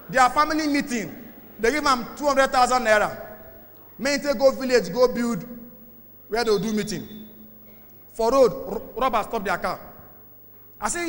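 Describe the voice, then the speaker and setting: Man, Nigerian accent, stand-up comedian, high bright voice, loud and punchy, live hall reverb. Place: large concert hall. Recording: live show in a big hall, crowd noise.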